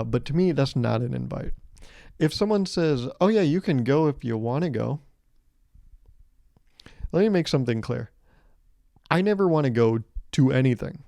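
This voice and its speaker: A man's voice: medium pitch, expressive, a little fast, vocal fry, darkish tone, no echo, clean studio sound. A young man in his twenties hosting a solo comedic podcast, rambling sarcastically, swearing freely and acting out little scenes. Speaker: podcast host.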